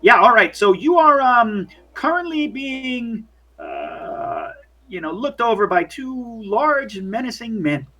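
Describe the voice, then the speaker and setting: Lively, high-voiced game master. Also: male voice, takes it slowly. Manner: chatty, full of fillers like "like" and "you know". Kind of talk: casual tabletop game narration.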